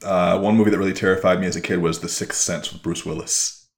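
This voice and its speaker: A podcast host, a man, talking in a slow, measured, flat way while he goes through a guided exercise. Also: low-pitched. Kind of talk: casual conversation, responding to an exercise.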